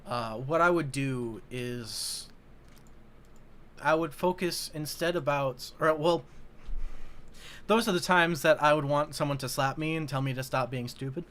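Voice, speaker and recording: A young man with a slightly higher-than-usual voice chatting casually. He rambles and hunts for his words, piling up fillers as he goes. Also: measured pace, a bit bright. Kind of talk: casual chat.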